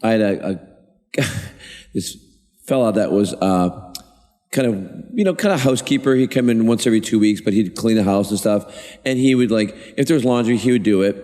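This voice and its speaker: A man on a convention panel telling an animated, rambling anecdote with many restarts. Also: fairly low pitch. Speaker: panel guest. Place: large convention hall. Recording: echoey convention hall.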